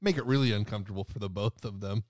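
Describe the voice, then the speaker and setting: A man's voice: fairly low pitch, rapid-fire, a little mellow, dry recording. A man chatting casually as a co-host, a father who teases with dry humor and laughs often. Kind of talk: casual profane chat.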